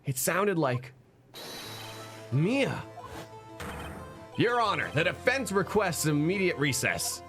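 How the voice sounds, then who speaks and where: A man's voice: fairly high pitch, very animated, slow pace, pauses often, music in the background, full character voice. Earnest young male lawyer with dramatic delivery, man reading.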